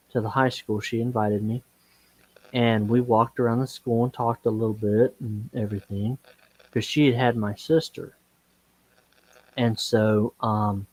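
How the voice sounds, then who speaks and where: A man's voice: medium pitch, rough recording. A man in his forties, a dating and business coach, telling stories casually and repeating words as he acts out dialogue. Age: 40s. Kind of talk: casual storytelling on a live stream.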